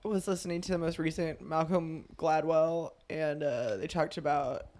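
A young woman co-hosting a podcast in casual chat, relaxed and giggly, with many fillers. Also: sits low, moderate pace. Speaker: podcast co-host.

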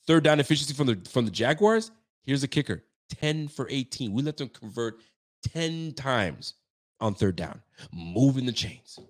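A young man hosting a sports podcast, giving a frustrated, slangy postgame rant that keeps repeating its points. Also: medium pitch.

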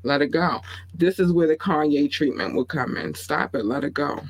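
A woman's voice: low-pitched, animated, normal speed, slightly rough, low-quality recording. A woman hosting a podcast, giving casual entertainment news commentary and reading viewer comments aloud in a candid, opinionated, blunt and profane way. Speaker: podcast host.

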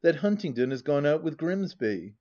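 Smooth, quietly triumphant gentleman, low and measured, as read by a man, lo-fi audiobook sound. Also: big pitch swings. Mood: hushed. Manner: quiet and measured, sometimes murmured. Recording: dull lo-fi audiobook recording.

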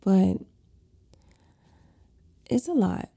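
Young woman, husky and dark-toned, casual stressed storytime delivery. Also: medium pitch, lively intonation, drawn-out words. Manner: venting, stressed, conversational with fillers. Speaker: lash and facial technician.

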